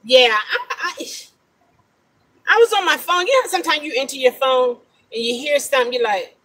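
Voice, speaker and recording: A middle-aged woman with an African-American English accent, a rideshare driver telling stories in a casual vlog, animated and incredulous. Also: sits high, normal speed, rough recording. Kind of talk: casual talking-to-camera vlog.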